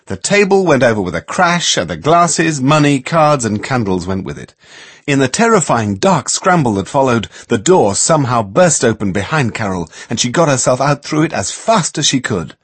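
A man's voice: on the low side, husky, no room sound. A man narrating an audiobook expressively. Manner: expressive storyteller doing many voices.

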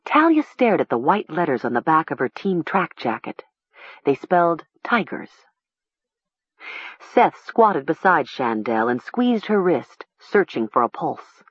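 A woman narrating an audiobook in a measured, expressive way. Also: deep voice, husky, dry recording, muffled recording.

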